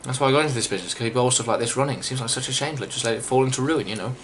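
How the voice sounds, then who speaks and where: A man hosting a let's play, reading the game's dialogue aloud in a soft, quiet voice. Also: mid-range voice, racing, slight background noise.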